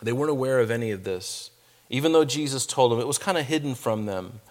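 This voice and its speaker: A middle-aged male pastor preaching a casual, chatty sermon. He drops into slow, weighty reading whenever he quotes scripture. His voice sits at an ordinary male pitch. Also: animated. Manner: conversational, reads scripture slowly with emphasis.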